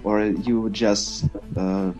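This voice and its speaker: Low-voiced man, polite learner. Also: level tone, slow pace, darkish tone, soft background music, rough recording. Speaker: club participant. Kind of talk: casual chat as an English learner.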